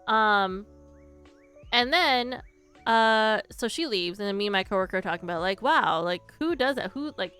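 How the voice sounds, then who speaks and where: Young woman streamer, chatty storyteller with a smooth, clean voice and faint music underneath. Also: on the high side, fairly bright tone, no room sound. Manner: chatty storyteller, giggles often. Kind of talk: casual chat with live chat. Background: faint background music.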